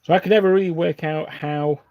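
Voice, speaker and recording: On what sounds like a phone-quality, dry recording, an English streamer rambles casually while building models at his desk, often restarting and chuckling. His fairly high, steady voice goes a little fast.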